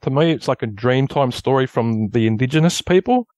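Animated Australian man telling a story. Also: mid-range voice, fairly quick, no echo. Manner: animated, acts out sounds and dialogue. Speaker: podcast guest. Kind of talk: casual storytelling.

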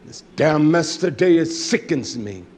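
Fiery preaching man, shouts then mutters. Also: on the high side, expressive, a little slow, slightly rough. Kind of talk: sermon.

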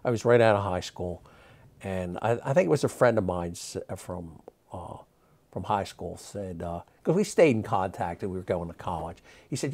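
A man in his sixties, a magic historian, telling stories in an interview, animated and rambling with many fillers and restarts. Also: sits low, normal speed. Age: 60s. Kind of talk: interview storytelling.

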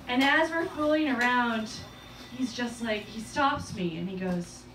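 A high-pitched woman comedian tells a story on stage, animated and self-deprecating, with quick asides. She is picked up from a distance in an echoey club, and there is steady noise underneath. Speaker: stand-up comedian.

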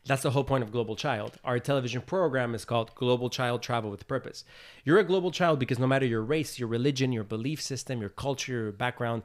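A man's voice: mid-range voice, quick pace. A man guest on a casual podcast interview, speaking earnestly and acting out little voices as he explains his views. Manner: earnest, animated storytelling with acted-out voices.

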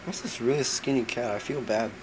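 A man's voice: medium pitch, a little fast. A man chatting casually in a pet store and cooing at the animals in baby talk. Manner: coos and baby-talks to animals. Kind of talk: casual vlog chat. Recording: loud store background noise.

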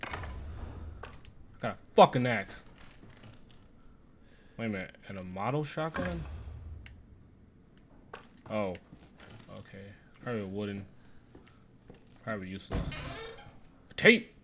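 A man's voice: lowish voice, lively intonation, slow, pauses often, slight background noise. A man muttering profane, frustrated commentary as he plays a game, with sudden startled outbursts. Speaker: gameplay streamer. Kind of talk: live gameplay commentary. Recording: game music loud behind the voice.

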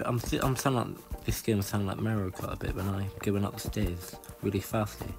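A young man giving rambling, excitable commentary while playing a video game. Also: normal speed, soft background music. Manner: excitable, rambling, jumps to high squeals. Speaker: gaming channel host. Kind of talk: casual let's-play commentary.

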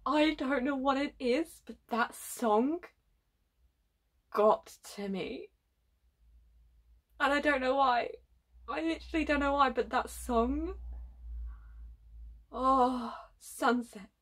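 A young woman hosting a reaction vlog, gushing breathlessly, sighing and slipping into soft whispers as she talks. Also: high voice, takes it slowly, pauses often. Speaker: reaction video host. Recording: faint music behind.

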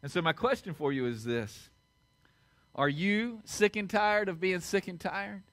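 A middle-aged male pastor preaching a sermon in a church sanctuary, swinging from loud emphatic peaks down to hushed, low passages. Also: no echo. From United States.

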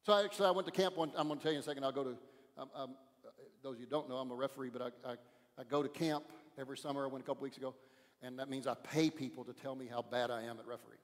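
A male pastor preaching a sermon in a church, pressing his points hard and often dropping his voice low. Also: fairly even intonation, racing, long reverb tail. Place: church sanctuary.

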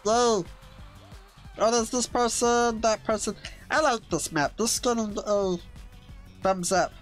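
A woman's voice: on the high side, unhurried, faint music behind, close to an everyday voice. A woman voicing Stitch, a small mischievous blue alien, giggling and cheering while gaming. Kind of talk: playing a character while gaming.

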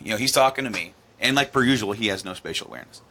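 A man's voice: on the low side, expressive, very fast, sharp tone, slight background noise. A man on a podcast telling a long story in casual chat, acting out the quotes and laughing at them. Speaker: podcast host.

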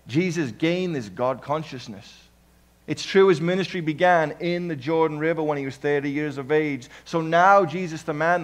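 Man preaching, loud to hushed. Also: on the high side. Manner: emphatic preaching, swinging from loud to hushed, repeating "Amen?". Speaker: pastor. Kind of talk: sermon. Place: church hall.

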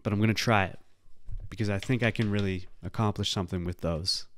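Low, smooth-voiced man rambling. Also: fairly even intonation, fairly quick. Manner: rambling, self-deprecating, swears casually. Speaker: podcast host. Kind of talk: casual solo podcast rambling.

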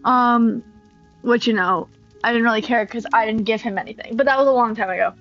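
A woman hosting a gaming channel, telling a casual story in a rambling, animated way with lots of ums. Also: a little high, brisk, highs cut off, soft background music. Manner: rambling, animated retelling with many fillers.

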